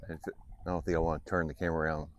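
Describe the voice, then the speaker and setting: A man's voice: a bass voice, very fast, a little hiss or hum. A man chatting casually to viewers while camping outdoors by a lake, a bit sniffly from the cold. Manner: relaxed, chatty, addresses viewers directly. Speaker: vlogger. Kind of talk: casual outdoor vlog talk. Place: outdoors at a lakeside campsite.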